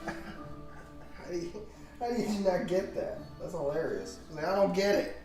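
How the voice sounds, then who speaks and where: A man's voice: sits high, animated, a little slow. A man hosting a livestream, casually telling jokes and giggling through them, in a roomy space with faint music behind. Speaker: livestream host.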